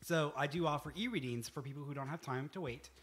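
A man who is a guest on a chat podcast, talking in an animated way and often repeating his words. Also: fairly high pitch, fast talker. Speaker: psychic medium guest. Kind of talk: casual chat.

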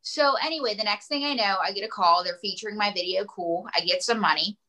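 A woman's voice: mid-range voice, quick pace, rough recording. A woman comedian and ventriloquist, telling jokey stories and plugging her product on a talk show. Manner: animated, self-promoting, jokey storytelling. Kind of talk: casual talk show chat.

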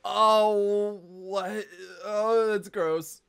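Excitable high-voiced male streamer. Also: a little slow, dry recording, clean studio sound. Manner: excitable, swears often, jokey. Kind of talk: casual gaming commentary.

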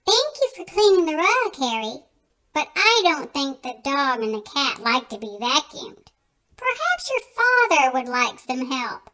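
A woman reading a storybook, voicing a patient, kind mother in a gentle, reassuring way. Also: sits high, sing-song, measured pace, full character voice.

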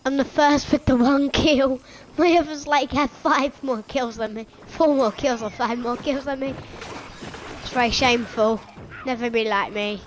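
A woman's voice: high-pitched, measured pace, soft background music. A woman hosting a gaming channel, giving playful commentary over her match and teasing her teammates. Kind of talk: gameplay commentary.

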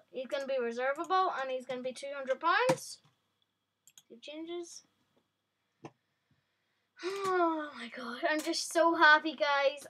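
A woman giving excitable, chatty commentary on a game to her viewers. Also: high voice, measured pace, long pauses. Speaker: vlogger. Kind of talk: casual gameplay commentary.

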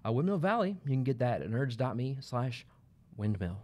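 A man's voice: medium pitch, sing-song, normal speed, darkish tone. A man co-hosting a game store livestream in casual chat, laid-back and joking, with plenty of fillers.

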